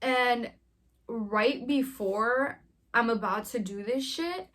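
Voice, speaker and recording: A young woman vlogger telling a story in a casual, animated way, full of slang and swearing. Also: a little high, takes it slowly.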